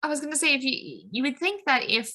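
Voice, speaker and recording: Rambling bright-voiced woman podcaster. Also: high-pitched, fast talker. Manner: rambling, full of "like" and "um", tangents. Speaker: podcast co-host. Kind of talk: casual spiritual chat.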